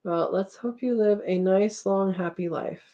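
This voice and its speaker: A woman's voice: medium pitch, unhurried, dull audio. Chatty woman hosting a live chat. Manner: chatty, rambling, laughs often, reads comments aloud. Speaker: homesteading live chat host. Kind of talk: casual live chat reading viewer comments.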